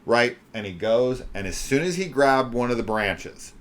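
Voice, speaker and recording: A man co-hosting a podcast, talking excitedly and with swearing in quick bursts about a film. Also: medium pitch. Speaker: podcast co-host. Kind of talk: casual chat about a film.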